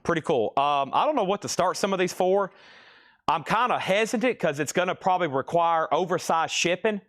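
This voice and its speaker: A man's voice: high-pitched, animated, fairly quick, a bit bright. A man hosting a live-stream vinyl auction, chatting, joking with buyers and calling out prices and bids, and out of breath from hauling crates.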